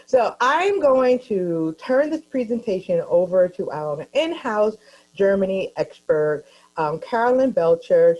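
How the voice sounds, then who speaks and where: A woman hosts a webinar and introduces the next speaker in a relaxed, slightly halting way. Her voice sits at a middle pitch. The call audio is dull and lo-fi. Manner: casual, hesitant with fillers. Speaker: webinar host. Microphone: video call.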